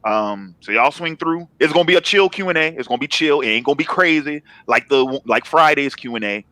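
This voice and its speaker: A man's voice: a little high, animated, fairly quick, bright, forceful tone, dry recording. A man in his thirties, a comic writer chatting as a guest in an interview, laid-back and slangy, often circling back to repeat himself as he builds a point. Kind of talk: casual interview chat.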